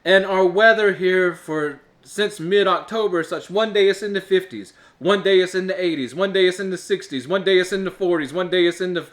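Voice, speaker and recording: A man's voice: sits high, a little fast, hardly any pauses. A man with a stuffed-up nose, hosting his own show in casual, rambling chat full of uhs. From Alabama, US. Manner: rambling, chatty, with filler uhs and laughs. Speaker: show host. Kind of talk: casual solo talk to camera.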